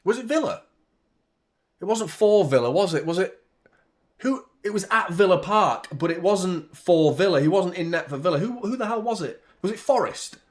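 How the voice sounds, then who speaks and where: A young man hosting a live football watchalong, chatting casually with viewers and shouting out at big moments. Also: sits high, normal speed. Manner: laid-back chat that jumps to loud excited reactions. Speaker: watchalong host.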